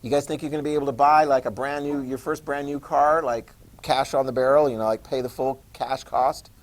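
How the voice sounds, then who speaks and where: A man's voice: mid-range voice, fairly even intonation, a little fast, low-quality recording. A man teaching a history class in a joking lecture style, quizzing students and acting out quotes.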